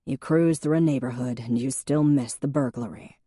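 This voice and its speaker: A woman voicing a deadpan, patient male police chief with a wry edge. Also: a bass voice, normal speed, breathy edge, no room sound, clean studio sound. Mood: steady, reassuring.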